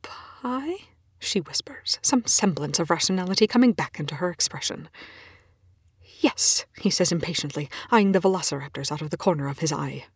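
A woman reads a story aloud in a husky, low-pitched voice. Her pitch swings lively and she often drops into whispers for emphasis. The recording is close and dry. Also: quick pace, few pauses, no echo. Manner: expressive, swearing, dropping to whispers. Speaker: reader. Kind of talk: fan fiction read aloud.

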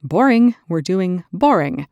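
A woman voicing a jumpy, boyish young male tech whiz who talks in quick, flustered bursts. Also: fairly low pitch, big pitch swings, darkish tone, no echo, lo-fi sound, voice pushed up, exaggerated voice.

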